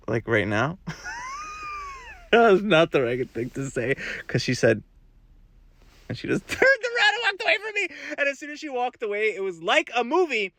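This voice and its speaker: Young man, bright lively voice, comic vlog storyteller who laughs a lot and acts out quotes, dry close sound. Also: high-pitched, dry recording. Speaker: vlogger telling a story.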